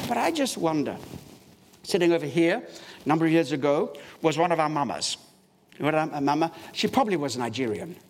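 A man preaching a sermon in a church, emphatic and storytelling, with wide swings in his voice. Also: high-pitched. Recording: long hall reverb, faint background noise.

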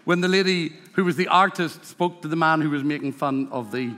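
A man's voice: fairly high pitch, fairly quick, bright, forceful tone. A man with a Northern Irish accent preaching a sermon to a congregation, emphatic and rhythmic, with humorous asides. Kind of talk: sermon with storytelling. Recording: reverberant hall.

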